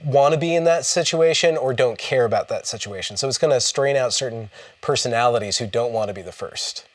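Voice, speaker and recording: A man's voice: mid-range voice, brisk, dry recording, far from the mic. A man hosting a livestream, talking conversationally with restarts and stammers. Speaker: livestream host. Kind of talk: casual livestream discussion.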